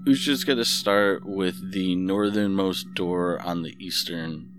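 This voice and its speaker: Deep-voiced man playing a tabletop game. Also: slow, fairly bright tone, faint music behind. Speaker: player. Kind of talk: casual tabletop play.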